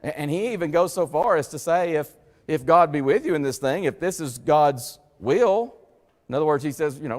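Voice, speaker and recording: A man preaching a folksy, conversational sermon, acting out the voices he quotes and swinging between loud emphatic lines and hushed, low passages. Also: lively intonation, normal speed. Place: church sanctuary. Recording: long hall reverb.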